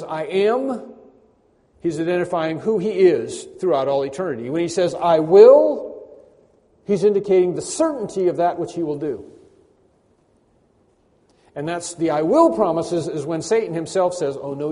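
A man's voice: fairly high pitch, warm tone. A male pastor preaching a sermon, stressing and repeating key phrases with rising force. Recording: long hall reverb.

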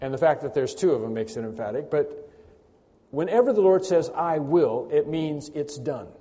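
A man's voice: a little high, expressive, normal speed, dark tone. A male pastor preaching a sermon, stressing and repeating key phrases with rising force. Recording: long hall reverb.

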